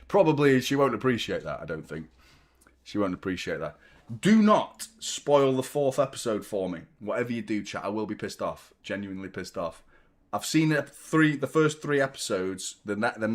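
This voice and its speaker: A man, chatting casually and self-mockingly as host of a football watchalong stream, swearing freely. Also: medium pitch. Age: 30s. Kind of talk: casual live-stream chat.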